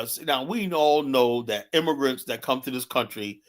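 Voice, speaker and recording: A man's voice: mid-range voice, moderate pace. A man arguing in a heated panel debate, talking over others and repeating "hold on" to keep the floor. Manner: argumentative, keeps saying hold on. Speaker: panelist, insurance agent.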